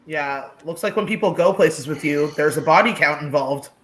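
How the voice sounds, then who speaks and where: A woman's voice: low voice, normal speed, low-quality recording. A woman player in a tabletop game, making dry, teasing quips.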